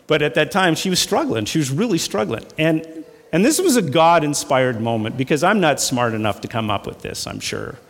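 A man's voice: fairly high pitch, sing-song, normal speed, in a large hall. A man preaching a sermon, emphatic and repetitive, shifting into folksy storytelling with casual fillers. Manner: emphatic, repeats phrases for effect. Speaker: pastor.

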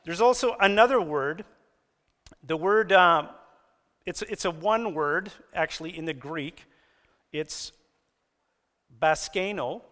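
A man preaching a sermon, telling stories with animated delivery and raising his voice for quoted lines. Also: takes it slowly, long pauses. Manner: animated storytelling, raises pitch for quoted lines. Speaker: pastor. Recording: long reverb of a church hall.

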